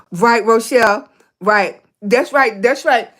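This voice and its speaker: A middle-aged woman, hosting a casual livestream and greeting viewers warmly as baby and sweetie, hoarse and clearing her throat from a cough. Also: fairly high pitch, slow pace. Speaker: livestream host.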